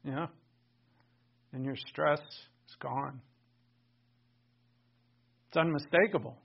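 A male pastor preaching a sermon in an animated, conversational way, with sarcastic asides to the congregation. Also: on the high side, takes it slowly, creaky, breathy edge, lo-fi sound.

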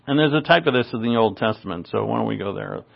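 A man teaching verse by verse from the Bible, stressing key words and often clearing his throat. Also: medium pitch, lively intonation, fast. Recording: slightly dull lo-fi sound.

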